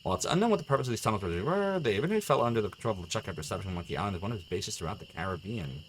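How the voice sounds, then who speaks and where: A male streamer chatting casually while playing a game, excitable and laughing often. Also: lowish voice, rapid-fire, a little hiss or hum. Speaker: live streamer.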